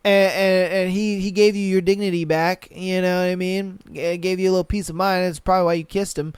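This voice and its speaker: A young man hosting a podcast, reading listener stories aloud and reacting with blunt, profane, animated commentary. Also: high voice, brisk, clear, resonant tone, no echo. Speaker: podcast host.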